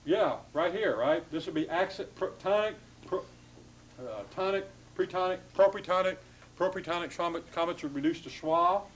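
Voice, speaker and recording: Male teacher, a touch high-voiced, halting explanatory classroom lecture, faint background hum. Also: low-quality recording. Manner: explanatory, halting, with frequent restarts and "okay?" checks. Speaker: Hebrew teacher.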